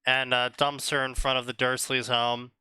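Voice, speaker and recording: A man co-hosts a comedy stream, reading fan fiction aloud and laughing as he mocks it. His voice is bright and smooth, and he talks at an unhurried pace. The sound is dry and close. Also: medium pitch, no echo. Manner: animated, laughs often, mocking. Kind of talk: casual comedic commentary.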